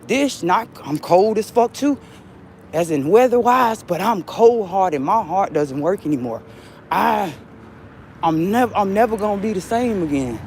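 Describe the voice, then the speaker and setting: A woman's voice: mid-range voice, expressive, unhurried, a little mellow, a little hiss or hum. A middle-aged woman vlogging live while walking outdoors, rambling in a defiant, agitated and profane way. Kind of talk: rambling live vlog monologue.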